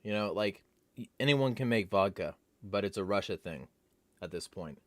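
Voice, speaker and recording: A man's voice: lowish voice, lively intonation, normal speed. Wry man chatting on a livestream. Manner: rambling, wry, reacts to chat comments. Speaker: livestream host reading chat. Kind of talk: casual livestream chat.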